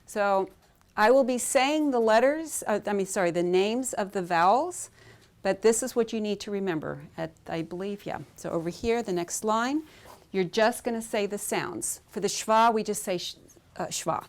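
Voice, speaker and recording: A woman's voice: medium pitch, moderate pace. A woman teaching a language class, patiently calling out sounds for learners to repeat. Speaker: Hebrew teacher. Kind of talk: slow classroom drill, teaching vowel sounds.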